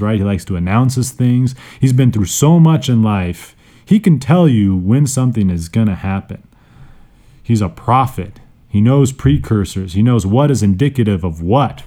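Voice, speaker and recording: A man with a lowish, warm voice hosts a laid-back podcast about vocabulary. He's playful and pokes fun at himself, tossing in jokes between his explanations of words.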